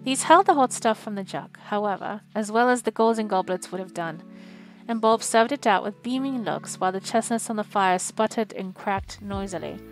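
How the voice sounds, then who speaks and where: A woman streamer reading a classic novel aloud in a steady, expressive manner. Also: medium pitch, moderate pace, faint music behind. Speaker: audiobook reader and streamer.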